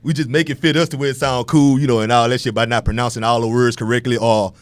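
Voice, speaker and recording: Man co-host, relaxed and slangy, mid pitch, dry studio sound. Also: quick pace, dry recording. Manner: laid-back, slangy, with frequent fillers. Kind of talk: casual opinion chat.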